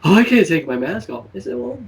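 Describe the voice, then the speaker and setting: A man hosting a casual political chat, telling stories in a lively way and acting out the people he quotes. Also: sits high, quick pace, vocal fry, distant mic, low-quality recording. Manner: animated storytelling, acts out quoted people. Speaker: show host.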